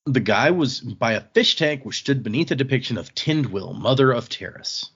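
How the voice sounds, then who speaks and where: A man casually recapping book chapters on a podcast, relaxed and chatty, quoting characters as he goes. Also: mid-range voice, moderate pace, slightly rough. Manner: relaxed, chatty retelling with small restarts. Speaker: podcast host. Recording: slightly dull lo-fi mic audio.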